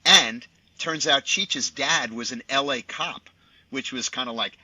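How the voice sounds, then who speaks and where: A man in his sixties, a sportscaster guest telling anecdotes on a podcast with lively asides. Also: medium pitch, unhurried, slightly rough, dry recording. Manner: animated raconteur, chatty with many asides. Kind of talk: podcast storytelling. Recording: dull dry lo-fi audio.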